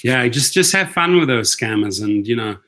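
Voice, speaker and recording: Guy chatting on his livestream, emphatic, keeps going "right?", average pitch. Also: lively intonation, normal speed, bright, forceful tone. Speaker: rideshare channel host. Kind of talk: casual livestream commentary.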